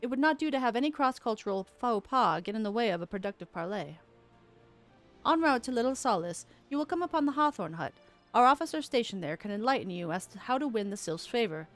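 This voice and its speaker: A woman's voice: a little high, lively intonation, fast talker, soft background music, voice pushed up, natural voice. A woman voicing a stern military commander in a game, reading formal, old-fashioned lines. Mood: grave.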